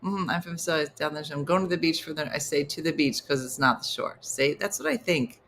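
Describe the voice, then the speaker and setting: New Jersey woman, comedy show host, bright, crisp voice, playful mock-disgusted banter with viewers, faint background noise. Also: deep voice, a little fast. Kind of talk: casual livestream chat reading viewer comments.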